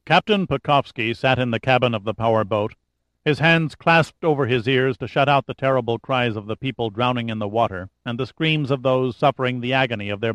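A man giving a steady, dramatic narration of a thriller audiobook. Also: mid-range voice, no room sound. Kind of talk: scripted narration.

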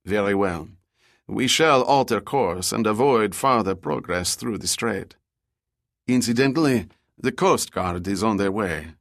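A man's voice: lowish voice, animated, unhurried, no room sound, clean studio sound. A man voicing a disdainful, stern male ship captain who speaks in a clipped, formal way.

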